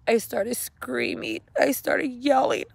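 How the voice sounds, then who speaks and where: A middle-aged woman slowly and haltingly retelling a painful memory, speaking outdoors. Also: a little high, vocal fry, slightly rough, no echo. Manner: slow, halting, emotional retelling. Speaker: grieving mother. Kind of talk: personal storytelling vlog. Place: outdoors at a cemetery.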